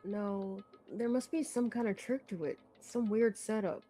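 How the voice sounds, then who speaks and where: A woman's voice: mid-range voice, a little slow, warm tone. A woman co-streamer chatting casually and teasing her friend while they play. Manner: teasing, laughs along. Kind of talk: casual chat.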